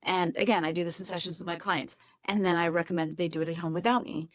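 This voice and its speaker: In a quick, lowish voice with little pitch movement, a woman therapist casually explains a self-esteem technique to camera. She's at her home office, keeping it conversational and poking fun at herself along the way.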